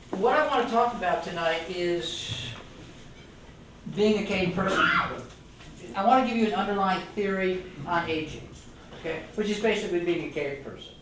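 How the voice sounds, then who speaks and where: A man's voice: high-pitched, background noise. Older man lecturing from afar in an echoey room. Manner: enthusiastic, rambling, jokes with the audience. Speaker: retired doctor giving a guest talk. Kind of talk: informal lecture to a club audience. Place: meeting room. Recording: echoey room, voice from a distant mic.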